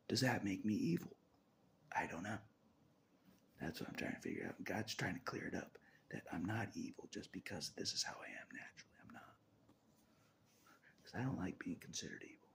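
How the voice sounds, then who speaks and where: Gravelly half-whispering man, rambling. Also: lowish voice, fairly bright tone. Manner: half-whispered, laughing often, restless. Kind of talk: rambling spiritual monologue.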